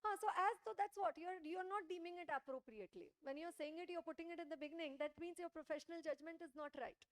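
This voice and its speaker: A woman's voice: very high-pitched, quick pace. A woman with an Indian English accent giving a classroom audit lecture, often stopping to check whether students follow. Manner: checks understanding with frequent rhetorical questions.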